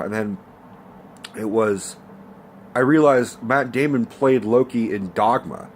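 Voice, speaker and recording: A man's voice: medium pitch, moderate pace, slight background noise. A man giving a casual, rambling movie review rant, swearing freely and filling gaps with ums and likes. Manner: rambling and profane, full of fillers. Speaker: film reviewer.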